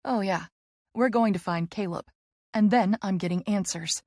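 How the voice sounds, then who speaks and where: A woman's voice: medium pitch, moderate pace, darkish tone, no room sound, clean studio sound. A woman narrating a first-person romance audiobook with emotional, breathless storytelling.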